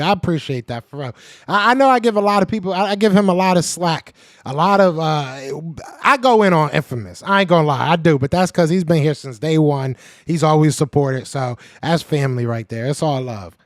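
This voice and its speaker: A man hosting a live podcast, reading the chat and trash-talking in a casual, animated way; he is a little sick. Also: fairly high pitch, no room sound, clean studio sound.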